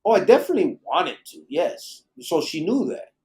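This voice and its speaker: A man's voice: a little high, very animated, normal speed, a little mellow. A middle-aged man hosting a live late-night podcast, reading viewer comments in a laid-back, profane, joking way. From Arizona. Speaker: podcast host.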